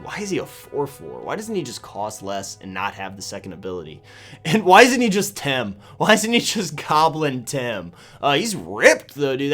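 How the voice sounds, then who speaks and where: A man's voice: lowish voice, fairly bright tone. A man hosting a gaming channel, commenting casually on cards in a rambling, sarcastic way and laughing often. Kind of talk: casual video game commentary.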